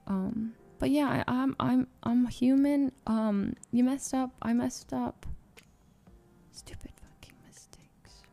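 A woman streamer opens up to her viewers in a faltering, heartfelt confession, her voice a touch high with a gravelly fry at the edges. She keeps stopping and restarting phrases, slipping in nervous little laughs as she searches for words. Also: dark tone. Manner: halting and searching, with many restarts and fillers. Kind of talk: emotional confession to a stream audience.

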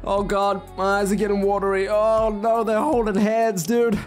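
A man doing let's play commentary, reacting out loud to a story game in excited, slangy chat. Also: high-pitched, normal speed, faint music behind. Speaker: gaming commentator.

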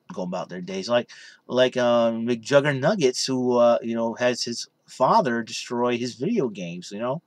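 A man's voice: mid-range voice, no echo. A young man casually vlogging from his room in his parents' basement, rambling and saying "you know" constantly. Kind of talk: casual vlog chat.

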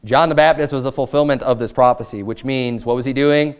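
A man pastor preaching a sermon in a church, reading scripture in a measured cadence and swelling into raised, emphatic passages. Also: mid-range voice, fairly even intonation, clean tone. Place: church sanctuary.

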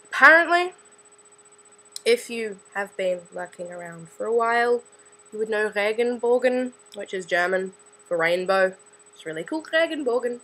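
A woman's voice: medium pitch, animated, normal speed, pushed and bright, rough recording. A young woman in her late teens with an Australian accent, chatting in a scattered, self-deprecating vlog into a camera she holds herself. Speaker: student vlogger. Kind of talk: casual rambling vlog.

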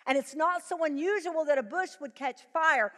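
A woman Bible teacher preaching to a live audience, swinging from hushed tones to loud emphasis. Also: high voice, moderate pace, in a large hall. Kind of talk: sermon. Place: large live event venue.

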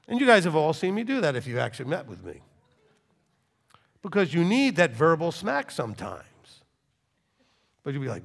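A male rabbi gives a sermon, jumping from loud, forceful bursts down to quiet, low asides. His fairly high voice is lively and gravelly at the edges, and it rings with the long reverb of a hall. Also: normal speed, long pauses. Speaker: rabbi teaching a congregation.

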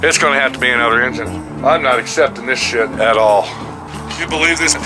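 A man's voice: medium pitch, a little fast, rough recording. A man hosting a vlog at his car shop, ranting angrily and cursing in exasperation, with music playing under his voice. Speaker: mechanic and channel host. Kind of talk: casual vlog walkthrough.

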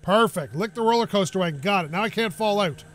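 A man commentating a goat video game as he plays, excitable and jokey, yelping and rambling to himself. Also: high voice, fast. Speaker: gaming YouTuber. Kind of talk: let's play commentary.

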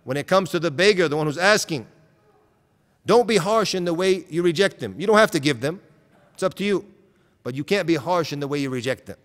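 A man delivering an Islamic lecture with a fairly high-pitched voice, earnest and direct, often asking his listeners rhetorical questions. He weaves Arabic terms into his talk. The sound carries a long reverberant tail from a hall. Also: fairly bright tone. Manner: mixes in Arabic terms and recited verses. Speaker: preacher.

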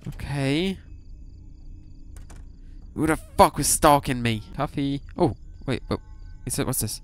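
A young man narrating his horror game run, jumpy and quick to swear. His voice is smooth and clear, set at an ordinary middle pitch. He reads the on-screen text aloud as he plays. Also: fairly bright tone. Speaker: gaming YouTuber. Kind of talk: horror game let's play commentary.

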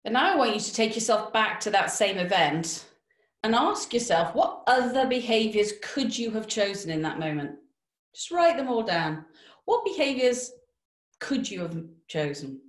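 Woman running a motivational webinar, lively and direct, tosses questions at you, echoey room. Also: on the high side, moderate pace. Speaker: webinar speaker.

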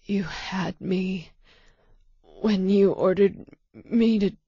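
A woman reading an audiobook voices a badly wounded man struggling to stay conscious, speaking in weak, breathless, halting words. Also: medium pitch, mellow, no echo, lo-fi sound, exaggerated voice. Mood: weak, strained. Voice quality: husky and gravelly.

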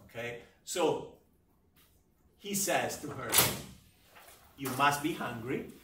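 A man giving a university literature lecture, talking in a deliberate, emphatic way and often checking in with his listeners. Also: mid-range voice, animated, background noise. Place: lecture room. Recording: echoey room, voice from far off.

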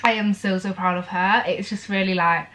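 A young woman vlogger rambles chattily to the camera, full of fillers, sounding tearful and emotional. Her mid-range voice has a fairly bright tone and fairly even intonation at a moderate pace, with slight background noise.

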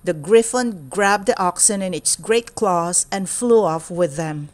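A woman reading a children's storybook aloud in a steady, clear storytelling manner. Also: lowish voice, measured pace. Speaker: storybook reader.

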